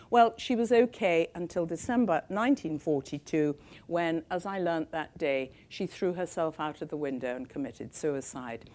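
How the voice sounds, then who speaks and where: A woman's voice: fairly low pitch, lively intonation, normal speed. Older English woman telling a story. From England. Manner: conversational storytelling with frequent fillers. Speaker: author giving a talk. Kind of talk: public talk to an audience.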